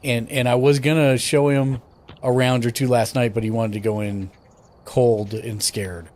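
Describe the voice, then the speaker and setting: A man's voice: mid-range voice, level tone, a little slow, darkish tone. A man hosting a casual gaming stream, chatting and greeting viewers by name. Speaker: streamer host.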